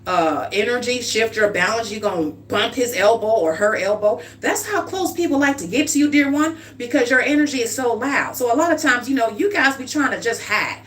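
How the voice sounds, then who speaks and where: A woman's voice: a little high, animated, brisk, hardly any pauses, a bit bright. A woman giving a livestream tarot reading in a chatty, informal way, often checking in with "okay?" and calling the listener "dear one". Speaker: tarot card reader. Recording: slightly distant mic with faint hum.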